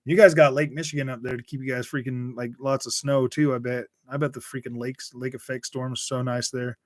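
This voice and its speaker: A man's voice: mid-range voice, little pitch movement, a little fast, dry recording, studio quality. A young man hosting a casual gaming livestream, rambling about consoles and answering chat, laughing often and calling everyone dude and bro. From Utah. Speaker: gaming channel host reading live chat.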